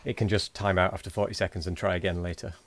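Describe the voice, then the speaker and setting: A man's voice: sits low, little pitch movement, fast talker, fairly bright tone. A man hosting a late-night game live stream, tired and rambling as he thanks viewers and chats with his co-player. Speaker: streamer host. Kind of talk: casual live-stream chat.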